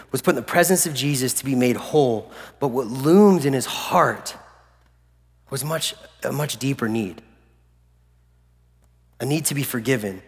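A man preaching a sermon in a church hall, animated and jokey, acting out the people in his story. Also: mid-range voice. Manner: animated, jokey, acts out voices of characters. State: recovering from flu. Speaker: pastor. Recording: long hall reverb.

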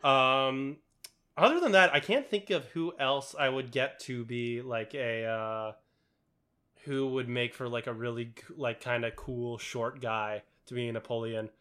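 A man's voice: mid-range voice, measured pace, sharp tone, clean tone. A young man chatting casually about a movie, rambling with lots of fillers and swearing. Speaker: podcast co-host.

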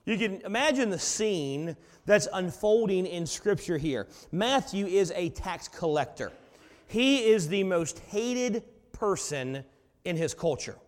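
Casting: male pastor with a high voice, dramatic storyteller, heard in a big echoing sanctuary. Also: lively intonation, slow pace. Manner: dramatic storytelling, swinging between soft and loud. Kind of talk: sermon. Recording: long reverb of a large hall.

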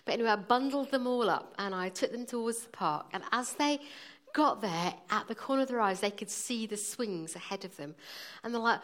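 Lively higher-voiced woman preacher. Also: a little fast. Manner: lively, humorous storytelling. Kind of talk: sermon with a personal story.

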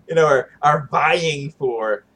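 A man's voice: on the high side, very slow, a bit bright. A man co-hosting a podcast, chatting casually, joking and trailing off with fillers and mock quotes. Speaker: podcast co-host. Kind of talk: casual chat.

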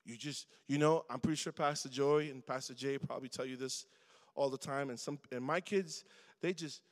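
A man's voice: medium pitch, moderate pace. A middle-aged man preaching a sermon to young people in a conversational way, calling on the crowd to answer. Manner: conversational, calls for responses from the crowd. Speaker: guest preacher at a youth service. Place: church hall. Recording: long hall reverb.

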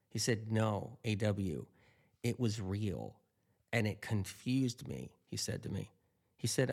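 A man's voice: fairly low pitch, gravelly, a little mellow. A man eating and talking casually, rambling through anecdotes with lots of quoted dialogue. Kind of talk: casual storytelling monologue.

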